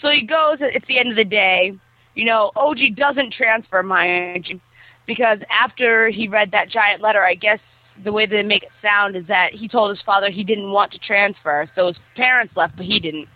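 A woman's voice: mid-range voice, normal speed, no room sound. Chatty woman on a tinny phone line. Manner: rambling, animated, lots of fillers. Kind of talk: casual chat retelling an anime plot. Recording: tinny phone-like dry sound.

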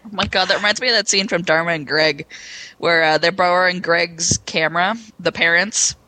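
A woman's voice: lowish voice, fairly even intonation, a little fast, pushed and bright, no room sound. A woman co-hosting a podcast in casual chat, retelling a sitcom scene with amusement. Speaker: podcast co-host.

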